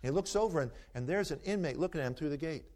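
A man's voice: a little high, lively intonation, rapid-fire, darkish tone. Folksy, preacherly male speaker. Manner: rhetorical, preacherly emphasis. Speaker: speaker taking audience questions. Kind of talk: folksy storytelling lecture.

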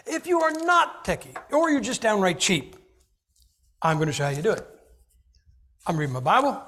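A man's voice: sits high, moderate pace. A man preaching a humorous sermon, joking and acting out little scenes. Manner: animated, jokey, acts out little scenes.

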